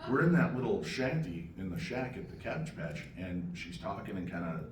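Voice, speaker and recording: An older man telling an animated story on a convention panel and acting out other people's lines, heard from far off in a noisy room. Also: low-pitched, moderate pace. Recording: echoey hall from far off, noisy.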